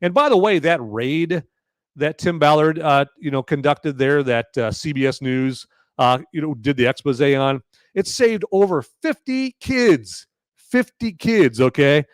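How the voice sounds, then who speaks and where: Recorded at studio quality with no echo, a man with a mid-range voice talks at a normal pace. Hosting a movie-review podcast on a live stream, he rambles casually, repeats words, and keeps adding "okay?", while thanking donors by name.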